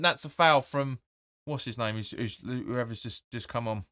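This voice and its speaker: Male fan host, opinionated live match commentary, average pitch, dry close-miked sound. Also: steady tone, normal speed, fairly bright tone, clear, resonant tone, dry recording. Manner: blunt and opinionated, swears, reads viewer comments aloud.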